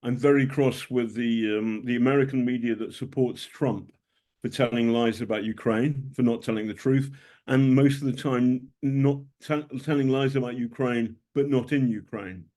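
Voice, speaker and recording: A man's voice: medium pitch, fairly even intonation, moderate pace, dark tone. A British man speaking as a guest journalist to students over a video call, telling stories emphatically with dry humor and frequent ums. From Britain.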